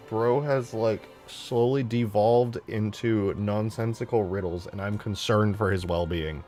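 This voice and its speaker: A man's voice: fairly low pitch, steady tone, measured pace, few pauses, darkish tone, faint music behind. A young man casually streaming while modding a game map, rambling and swearing in slangy talk.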